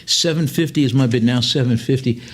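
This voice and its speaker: A male auctioneer with a voice pitched in the middle range for a man, calling bids at a live sale. He talks in a loose, chatty way, wandering off into side stories and filling gaps with "uh" and "um" before getting back to the bids. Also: brisk. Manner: chatty, digressive, many fillers between bid calls.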